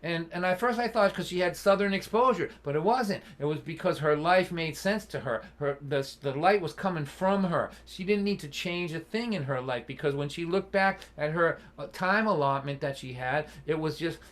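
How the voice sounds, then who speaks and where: A man in his sixties telling a personal story at a concert, earnest and halting, with restarts and an occasional cough. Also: on the high side, fairly bright tone. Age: 60s. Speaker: folk singer and storyteller.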